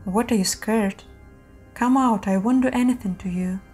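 Sweetly coaxing unseen creature read by a woman, mellow tone, faint music beneath; lure-them-out menace. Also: medium pitch, moderate pace, breathy edge, lightly acted. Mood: sinister coaxing. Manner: affectionate and coaxing.

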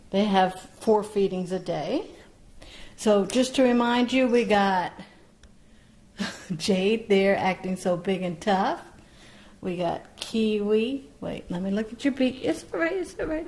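A woman parrot breeder talking casually about her baby birds and gently coaxing them with sing-song encouragement. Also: mid-range voice. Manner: slow, gentle, coaxing, with frequent laughs. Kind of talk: casual vlog narration and baby-talk to birds.

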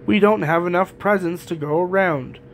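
A man voicing excited little male elves, talking high, quick and eager. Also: slight background noise. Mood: alarmed.

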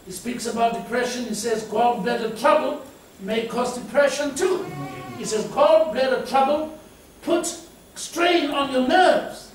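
A middle-aged South African man preaches with a high, light voice, playfully acting out quotes and stories. He is picked up from far off in a big church hall with heavy echo. There is steady noise behind him. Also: a little slow. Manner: humorous, storytelling, acts out quotes. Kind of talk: sermon. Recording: echoey hall from far off, noisy.

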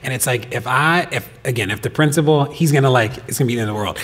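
A man telling a personal story to a host on stage, animated, laughing often and talking with lots of fillers. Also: medium pitch, quick pace. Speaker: podcast guest. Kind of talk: storytelling in a live talk. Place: stage of a performance venue. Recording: long reverb of a hall.

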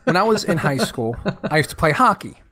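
A man in his thirties from New York, co-hosting a podcast and telling a long story with lively acted-out quotes. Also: fairly high pitch, a little fast. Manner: animated, acts out quoted friends in raised voices. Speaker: podcast co-host. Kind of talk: casual storytelling chat.

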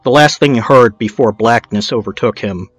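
A man's voice: mid-range voice, moderate pace, no room sound, soft background music. A man narrating a true-crime documentary in a casual storytelling way, dropping in blunt, swearing asides.

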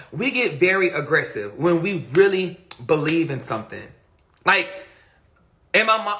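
A man's voice: sits high, pushed and bright. A man hosting a livestream rant, blunt and profane, reading chat comments aloud between points, speaking into a phone. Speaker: livestream host.

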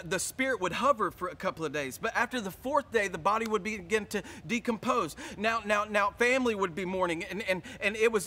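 High-pitched preacher, hushed to shouting. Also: male voice. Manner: swings from quiet, slow intensity to loud shouting; repeats words and stumbles into restarts. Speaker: pastor. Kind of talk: sermon.

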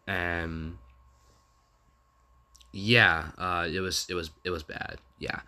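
Rambling young man, bright voice. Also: sits low, steady tone, takes it slowly. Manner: rambling and repetitive, with hesitant restarts. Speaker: vlogger. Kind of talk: casual commentary reading out text messages.

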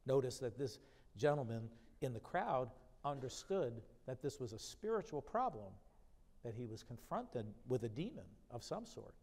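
In a church sanctuary with long reverb, a pastor preaches a sermon, reading scripture with rising emphasis before explaining it conversationally. His voice is medium-pitched, darkish and a bit breathy, very animated, at normal speed.

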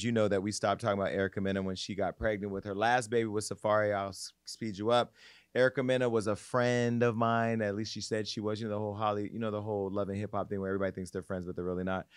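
A man's voice: fairly low pitch, clean tone, no room sound, studio quality. A man hosting a pop culture podcast, talking bluntly and candidly with crude jokes. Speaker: podcast host. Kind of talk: casual pop culture gossip.

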